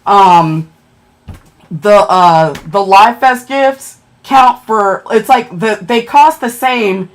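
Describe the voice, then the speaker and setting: A woman chatting on a livestream, excitable and emotional as she thanks viewers for gifts and checks her ranking. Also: mid-range voice, extremely slow.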